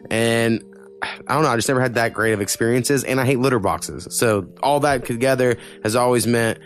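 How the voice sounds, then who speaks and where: A man's voice: mid-range voice, soft background music. A man co-hosting a casual podcast, blunt and swearing freely, speeding up in bursts as he rants. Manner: blunt, swears a lot, talks in quick bursts. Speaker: podcast co-host.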